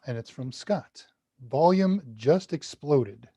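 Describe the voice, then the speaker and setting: Guy doing a live tech q&a stream, kinda high voice, rambly and chatty, dry close mic that gets loud and soft. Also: lively intonation, slow pace, no room sound. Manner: rambling, chatty, talks to chat while working. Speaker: tech instructor hosting a live Q&A. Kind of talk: casual live-stream teaching. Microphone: desk mic at a computer, level jumps as he leans away.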